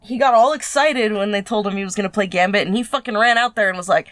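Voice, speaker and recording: A woman's voice: mid-range voice, fast talker, fairly bright tone, no room sound. A woman co-hosting a casual podcast chat, blunt and swearing freely, laughing along. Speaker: podcast co-host.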